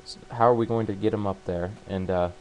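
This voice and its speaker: A man casually retelling a book's plot, halting and full of fillers and restarts. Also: on the low side, fairly even intonation, slight background noise, rough recording. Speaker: book summarizer.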